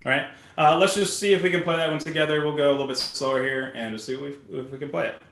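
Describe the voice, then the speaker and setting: Relaxed male drum teacher, echoey room. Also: on the high side, quick pace, gravelly, a little hiss or hum. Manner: relaxed, often ends with "right?". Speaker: drum instructor. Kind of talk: casual instructional talk.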